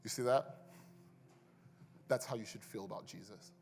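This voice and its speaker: A man preaching a sermon as pastor, moving between hushed asides and loud, impassioned climaxes. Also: lowish voice, moderate pace, vocal fry. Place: church sanctuary. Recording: long reverb, faint music behind.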